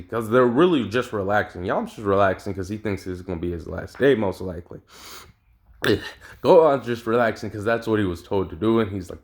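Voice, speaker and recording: A man's voice: on the low side, lively intonation, normal speed. A young man casually narrating a fan-made cartoon story, laid-back and slangy, swearing and trailing off with ums.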